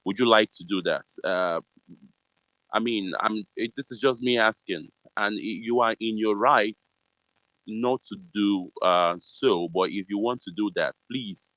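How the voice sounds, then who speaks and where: A man's voice: lowish voice, unhurried, fairly bright tone, dry recording, poor audio. A man hosting a live audio chat room, hedging with lots of fillers but pointed in his questions. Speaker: host.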